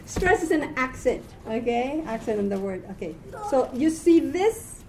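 A tired woman teaching a live reading class, chatty, quick to laugh and correct herself. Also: on the high side, animated, mellow, slight background noise.

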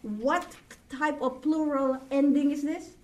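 A woman teaching a class in a slow, deliberate way, with a fairly high voice. She patiently repeats each word and walks her students through the rules one step at a time. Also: fairly even intonation, mellow. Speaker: Hebrew teacher.

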